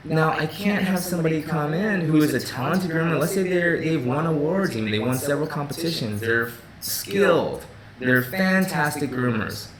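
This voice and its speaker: A man's voice: a little high, lively intonation, normal speed, few pauses, a crowd in the background. A man hosts a live stream from his office in loose, casual talk. He restarts and repeats himself, filling gaps with "you know" and "right?". His voice rings in a roomy space with a murmur of people behind him. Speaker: groomer hosting a live Q&A stream.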